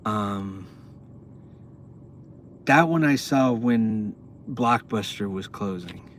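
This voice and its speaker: A man's voice: on the low side, drawn-out words, slight background noise. A young man casually telling a long, profane, rambling story with many restarts, as a podcast host.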